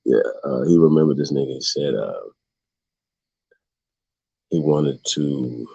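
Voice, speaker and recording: Male stream host, husky and deep, casual profane commentary with stumbles. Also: steady tone, unhurried, warm tone, muffled recording. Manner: profane, jokey, stumbles and breaks into laughter while reading. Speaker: livestream show host. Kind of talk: casual commentary while reading aloud.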